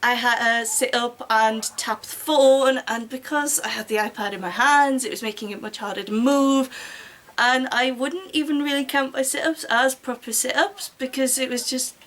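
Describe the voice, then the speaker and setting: High-voiced British woman, hesitant and wry. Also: normal speed, fairly bright tone, rough recording. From Britain. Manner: hesitant, wry, many fillers. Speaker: app reviewer. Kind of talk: casual video review.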